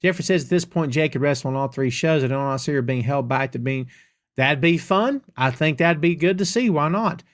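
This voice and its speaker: A middle-aged man hosting a podcast, reading out viewer questions and answering them with playful sarcasm in a relaxed live chat. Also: a little high, normal speed. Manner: reads viewer comments aloud and reacts with playful sarcasm. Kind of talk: casual live-stream chat.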